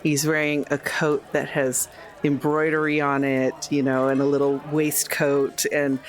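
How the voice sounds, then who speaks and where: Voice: mid-range voice, level tone, measured pace. Player chatting about a character. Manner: casual, chatty. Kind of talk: describing a character in a tabletop game.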